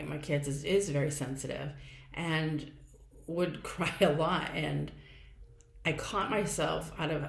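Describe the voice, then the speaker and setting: Low-voiced woman podcaster in an echoey room. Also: gravelly. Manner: earnest, conversational, repeats herself with many fillers. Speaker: podcast host. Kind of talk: casual reflective monologue.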